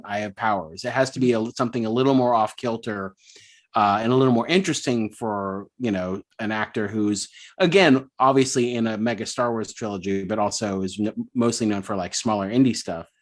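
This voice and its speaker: A man's voice: mid-range voice, brisk. A man co-hosting a film podcast, chatting loosely and joking, often trailing off with fillers. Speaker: podcast co-host. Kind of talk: casual chat.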